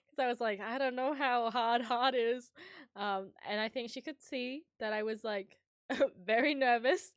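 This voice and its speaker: A woman's voice: mid-range voice, dry recording, clean studio sound. A woman streamer casually telling stories to her chat, rambling with lots of ums and frequent laughter. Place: home streaming setup.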